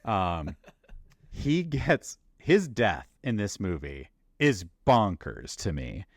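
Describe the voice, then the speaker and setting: A man co-hosting a podcast, chatting casually and jokily, acting out movie characters in quick little voices. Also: fairly low pitch, big pitch swings, breathy edge, no echo, clean studio sound. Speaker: podcast co-host. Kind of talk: casual chat.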